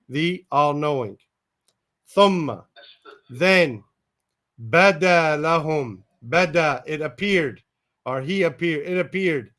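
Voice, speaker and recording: A man's voice: a little high, fairly bright tone. Man teaching a verse-by-verse Quran lesson. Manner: reads each Arabic phrase, then glosses it in English; pauses to self-correct and check grammar aloud. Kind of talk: word-by-word Quran translation lesson.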